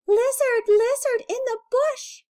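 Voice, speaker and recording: A woman doing a small, high, quivering mouse. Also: big pitch swings, slow pace, fairly bright tone, heavily acted. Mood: longing. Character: small anxious pleading mouse, young male.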